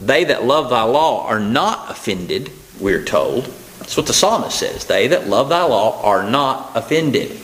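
A man's voice: medium pitch, lively intonation, a little slow, fairly bright tone, a little hiss or hum, poor audio. Emphatic male preacher. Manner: rising to emphatic preaching, with fillers and restarts. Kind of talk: sermon.

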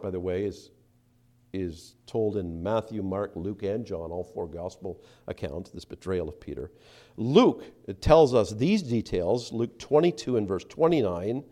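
A man preaching a sermon, acting out the speakers he quotes and dropping to soft asides between them. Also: medium pitch. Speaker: pastor.

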